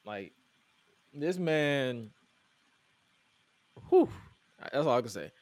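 On a podcast, a male host with a fairly high voice casually recaps wrestling, sounding animated and incredulous as he reads promos out loud. The recording is dry.

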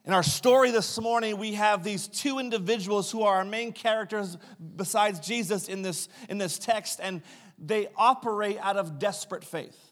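A pastor telling funny family stories in a sermon, recorded in a church sanctuary. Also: male voice, high-pitched, normal speed, fairly bright tone. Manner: humorous anecdotal storytelling.

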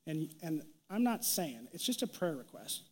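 A man's voice: on the high side, sing-song, moderate pace, husky. A young adult man preaching a casual, joking sermon as a pastor, acting out quoted voices as he goes. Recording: long hall reverb.

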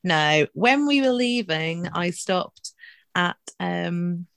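A woman telling a story in casual chat, animated and laughing as she goes. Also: lowish voice, slow, creaky, dry recording.

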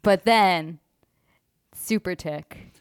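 Clear-voiced enthusiastic woman co-host. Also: on the low side, no room sound, clean studio sound. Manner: quick enthusiastic agreement, laughs often. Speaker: podcast co-host. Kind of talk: casual movie-review chat.

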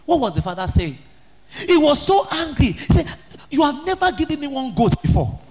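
A man preaching an impassioned sermon, often rising to shouts and sing-song chanting. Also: extremely high pitch, big pitch swings, moderate pace.

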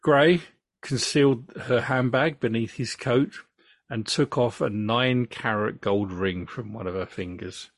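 An English man hosting a podcast, reading case notes in a true crime story with relaxed asides. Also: medium pitch, unhurried, dry recording.

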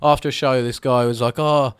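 A man's voice: mid-range voice, fairly even intonation, smooth. A man from a band telling a rambling anecdote in casual chat. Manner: quick, rambling storyteller. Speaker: band member.

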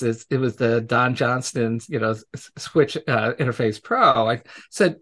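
Male educator, mid-pitched, slight vocal fry; relaxed interview storyteller, acts out quoted lines with a laugh. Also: unhurried. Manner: acts out quoted voices in anecdotes, laughs often. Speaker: podcast guest, educator.

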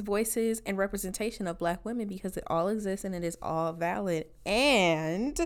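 A woman delivering a straight-to-camera rant in a smooth, clear voice. She is blunt and profane and hammers each point with a pointed "all right?". Her pitch sits in the middle of the usual range for a woman. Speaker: online commentator. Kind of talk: ranting monologue to camera.

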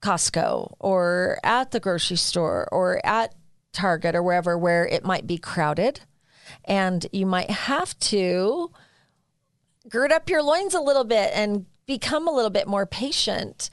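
A woman co-hosts a podcast in easy conversation, agreeing often and telling small everyday stories. Her voice sits at a middle pitch. The recording is close and dry. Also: sing-song, a little slow, no echo. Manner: agreeable, storytelling, frequent affirmations. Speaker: podcast co-host. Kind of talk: casual chat.

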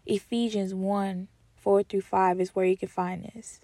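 A woman giving an emotional Christian faith talk, repeating affirmations slowly and tenderly, sometimes dropping to a whisper, near tears. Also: mid-range voice, flat delivery, mellow, no echo. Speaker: Christian encourager speaking to viewers.

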